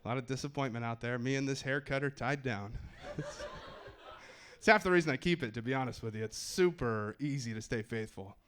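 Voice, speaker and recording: A man's voice: medium pitch, fast talker, few pauses, fairly bright tone, slight background noise. A young man performing a stand-up comedy set in a wry, self-deprecating way on a club stage.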